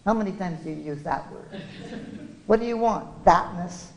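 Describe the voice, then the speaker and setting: A scholar giving a lively lecture, quizzing the audience with jokey asides. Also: medium pitch, unhurried, creaky, pauses often, a little hiss or hum, poor audio.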